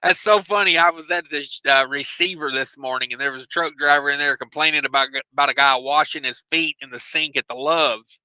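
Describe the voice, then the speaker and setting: A man's voice: on the high side, a little fast, few pauses, pushed and bright, smooth, no echo, low-quality recording. A man hosting a casual trucking livestream on his phone, reading viewer comments in a loose, joking way. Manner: loose and joking, many fillers and asides.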